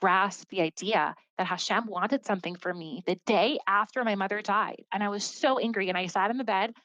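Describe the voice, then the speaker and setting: A woman's voice: mid-range voice, fairly quick, fairly bright tone, no echo. A woman speaking as a podcast guest, telling a personal story in an earnest, casual way and often saying "like.". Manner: earnest, heavy use of "like" as a filler. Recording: dull, dry, slightly lo-fi audio.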